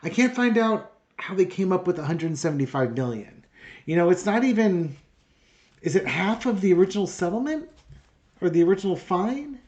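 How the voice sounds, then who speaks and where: A man's voice: high voice, very animated, normal speed, darkish tone, highs cut off. A man hosting his own tarot channel, talking casually and sarcastically, sounding exasperated and rambling through fillers as he sets up a reading. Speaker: tarot reader and channel host.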